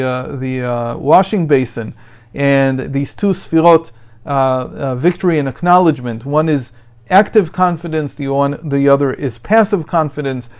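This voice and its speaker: A middle-aged man giving a daily Torah lesson in a slightly higher voice. He teaches thoughtfully, often searching for words with fillers. He slows down to read sources aloud. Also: a little mellow. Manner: thoughtful, hesitant with many fillers, reads sources aloud slowly.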